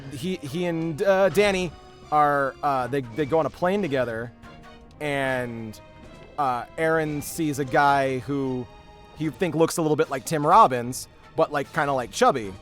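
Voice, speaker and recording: A man's voice: a little high, measured pace, a bit bright, soft background music. A young man in casual chat on a game stream, rambling through anecdotes with lots of filler. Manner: rambling storyteller, swears heavily when riled up. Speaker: streamer and voice actor.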